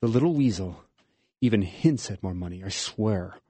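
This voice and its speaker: A man voicing an angry, suspicious townsman in a dramatic reading, in a sharp, hostile way. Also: fairly low pitch, animated, moderate pace, slightly rough, no echo.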